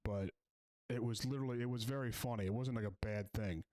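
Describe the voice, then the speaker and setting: A man's voice: medium pitch, fast, a little mellow. A man from the Philadelphia area hosting a reaction video, mocking and ranting in a sarcastic tone. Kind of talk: reaction commentary.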